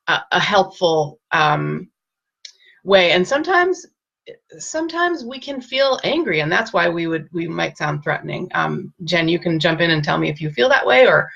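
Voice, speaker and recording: A woman hosting a casual live-stream with parenting advice, speaking gently and reassuringly and greeting viewers by name. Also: on the low side, gravelly, dull audio.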